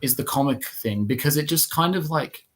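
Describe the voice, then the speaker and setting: A man's voice: fairly high pitch, animated, moderate pace. A man co-hosting a casual podcast chat, rambling with lots of restarts and fillers. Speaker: podcast co-host.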